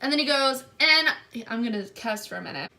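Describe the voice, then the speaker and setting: A young woman vlogger telling a story to camera, acting out the people in it with animated delivery. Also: sits high, a little fast, gravelly. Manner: animated retelling, acts out quotes. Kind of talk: storytime vlog.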